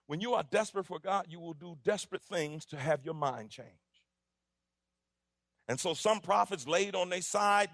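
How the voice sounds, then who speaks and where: A man in his forties, a pastor giving an impassioned sermon that builds from quiet reflection to shouted, repetitive declarations. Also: high-pitched, no echo, clean studio sound. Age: 40s. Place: church.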